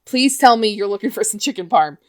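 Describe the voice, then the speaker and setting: A woman running a tabletop game as game master, who keeps things moving with quick check-ins. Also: medium pitch, animated. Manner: brisk, many quick "okay" and "all right" check-ins.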